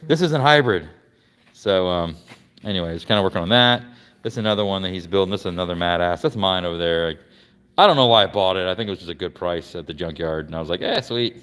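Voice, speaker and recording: A man's voice: deep voice, fast, fairly bright tone, smooth, long reverb tail. A man from Florida casually chatting through a garage walkaround, rambling with lots of fillers and restarts. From Florida, United States. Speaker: vlogger showing his car collection. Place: garage workshop.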